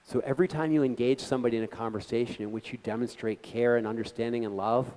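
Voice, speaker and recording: This is a man at a mid pitch, addressing a community gathering as its guest speaker. He talks in an earnest, conversational way and often puts questions straight to his listeners. His voice carries the long reverb of a meeting hall. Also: fairly even intonation, fast talker, darkish tone.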